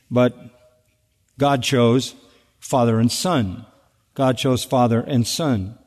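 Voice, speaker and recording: A man's voice: on the high side, long reverb tail. A man preaching an expository sermon in an earnest, emphatic way, repeating key words for stress.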